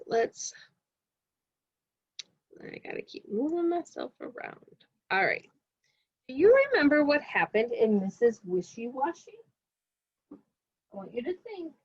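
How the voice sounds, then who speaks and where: A woman's voice: fairly high pitch, no echo, lo-fi sound. A woman teacher giving a reading lesson to young children in an encouraging tone, often asking them questions.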